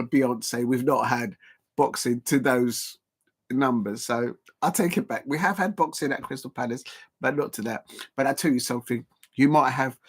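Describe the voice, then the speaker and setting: A man hosting a live football watch-along stream, rambling and excitable, full of fillers and repeats. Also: medium pitch.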